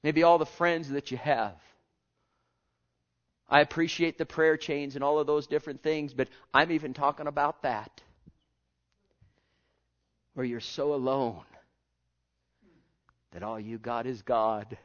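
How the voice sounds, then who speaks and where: A man preaching a sermon, swinging from hushed murmurs to loud, fervent exhortations. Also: mid-range voice, fairly even intonation, measured pace, pauses often, highs cut off.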